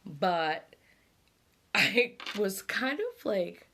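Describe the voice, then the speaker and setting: A woman's voice: mid-range voice, expressive, slow, a bit bright. A middle-aged woman hosting a casual vlog, reading out facts and musing aloud about them. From born and raised on an island. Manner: muses aloud, reads facts then reacts with laughs. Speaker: vlog host.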